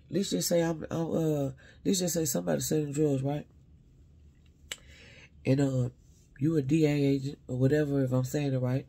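Husky man rambling through a psychic reading. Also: fairly high pitch, fairly even intonation, moderate pace, warm tone. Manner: rambling, talks straight to the audience, often second-guesses his words. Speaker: spiritual advisor giving psychic readings. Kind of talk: casual psychic reading to viewers.

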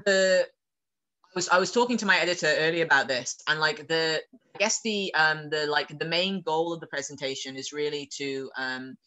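A man's voice: a little high, moderate pace, sharp tone, rough recording. Hesitant man giving a casual talk. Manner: hesitant, frequent "um" and "like". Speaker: guest speaker. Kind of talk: casual online lecture.

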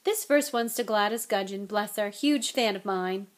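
A pompous celebrity wizard teacher from a storybook reading, acted by a woman. He booms along, loud and self-satisfied, gushing over everything. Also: normal speed, lightly acted.

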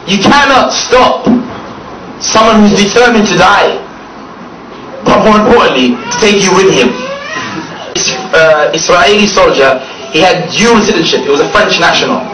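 A man giving a fiery public speech to an audience, mocking and often laughing as he talks, with drawn-out stressed words. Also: high voice. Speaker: speaker addressing an audience. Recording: echoey, distant, noisy room recording.

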